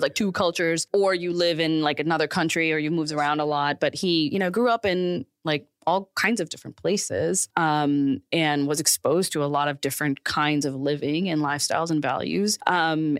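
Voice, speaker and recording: Low-voiced woman musing in conversation. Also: no room sound. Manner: searching, many fillers and restarts. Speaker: podcast guest. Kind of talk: casual conversation.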